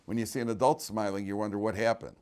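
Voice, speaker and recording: A man's voice: lowish voice, fairly even intonation, fast, darkish tone, clear, resonant tone. A man teaching a Torah class in a casual, joking way, asking the room questions and often restarting his sentences. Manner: chatty, joking, many restarts and rhetorical questions. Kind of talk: informal Torah lecture.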